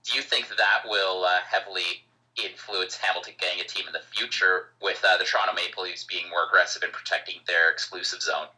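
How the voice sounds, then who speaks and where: A young man co-hosting a podcast asks questions in a halting, thinking-aloud way. His voice is very low yet strikingly bright. He sounds a bit off the microphone, with a radio-like sound. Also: level tone, recorded from a distance, low-quality recording. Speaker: podcast co-host. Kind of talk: interview questions.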